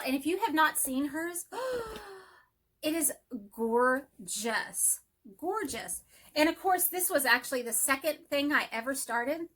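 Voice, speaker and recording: A woman chatting excitedly about her cross-stitch projects in a casual home vlog, speeding up when enthusiastic. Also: sits high. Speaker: cross-stitch vlogger and teacher. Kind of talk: casual show-and-tell vlog.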